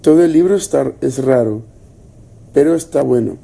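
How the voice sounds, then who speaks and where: A man's voice: mid-range voice, fairly quick, vocal fry, husky. A young man hosting a casual livestream book club, chatting loosely with lots of fillers and reading out viewer comments. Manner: chatty, relaxed, filler-heavy, reacting to comments.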